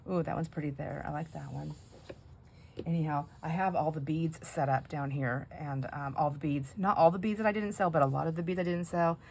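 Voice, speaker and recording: A woman's voice: low voice, steady tone, normal speed, vocal fry, darkish tone, slight background noise. A middle-aged woman hosting a crafting video, chatting casually and rambling through funny family stories as she works, laughing often. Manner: rambling storyteller, laughs often, mimics others. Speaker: crafting channel host.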